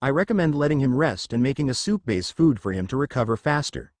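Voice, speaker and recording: A polite inner assistant intelligence speaking in formal, measured advice, put on by a male reader. It is slow and slightly lower than his own voice. The sound is dry and close. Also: big pitch swings, no room sound, natural voice. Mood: calm.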